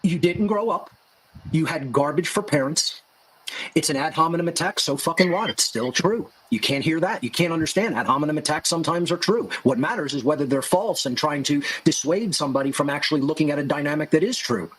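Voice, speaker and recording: A husky, slightly high-voiced man in the middle of a furious solo rant. He hammers the same insults again and again in a scornful, lecturing tone, like a host berating his own audience. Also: lively intonation, fast talker, hardly any pauses, fairly bright tone, poor audio. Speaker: occult lecturer and show host. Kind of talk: angry monologue rant.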